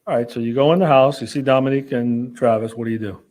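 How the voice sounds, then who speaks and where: A man questioning a witness in court with brisk, leading questions. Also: medium pitch, a little mellow. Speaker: attorney.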